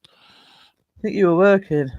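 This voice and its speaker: A man's voice: high voice, slow pace, dull audio. A man hosting a livestream in casual chat, reading out viewer comments and greeting people by name. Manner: chatty, reads viewer comments aloud and greets them. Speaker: livestream host.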